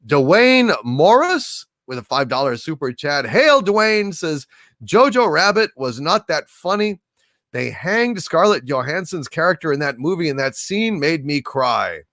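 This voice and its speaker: A man hosting a livestream, reading viewer messages aloud and answering them with grand mock-overlord greetings and many halting fillers. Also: fairly high pitch, sing-song, a bit bright, no echo, studio quality. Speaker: livestream host reading super chats. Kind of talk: casual livestream chat.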